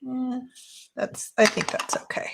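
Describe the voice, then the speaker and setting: Slow, gravelly woman chatting while crafting. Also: fairly even intonation, noisy background. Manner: chatty, slips into high baby talk with her cat. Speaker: craft channel host. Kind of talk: casual crafting chat.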